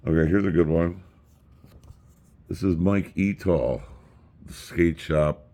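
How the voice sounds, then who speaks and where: A man's voice: very deep voice, darkish tone. A middle-aged man casually rambling through family photos, crude and joking as he tells stories. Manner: crude, joking, profane storyteller. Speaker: vlogger showing family photos.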